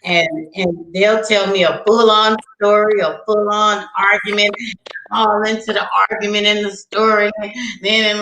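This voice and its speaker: A woman hosting a casual talk show, blunt and animated, laughing often as she talks. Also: mid-range voice, moderate pace, roomy sound, a little hiss or hum, poor audio. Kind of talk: casual chat.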